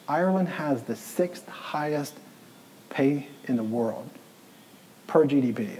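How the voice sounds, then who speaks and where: A man's voice: mid-range voice, dark tone, poor audio. A man preaching a sermon as pastor, stressing points with repetition and sometimes dropping to a near-whisper. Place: church in Southeast Dublin.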